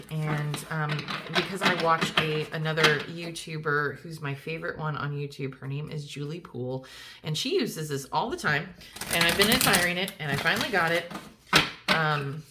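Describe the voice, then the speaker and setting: A woman's voice: sits low, normal speed, heavy background noise. A woman giving a casual tarot card reading, chatty and reassuring, talking straight to the viewer with many fillers and restarts. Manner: reassuring, speaks directly to viewer. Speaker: tarot reader.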